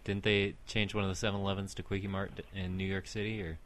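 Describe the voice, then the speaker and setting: A man's voice: low voice, little pitch movement, fast talker. A man in casual chat with friends, chatty and explaining things at length.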